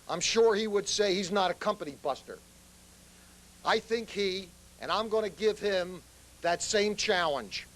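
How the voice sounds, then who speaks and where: An earnest man giving a public speech as a guest speaker, telling a story to make his point. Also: high voice.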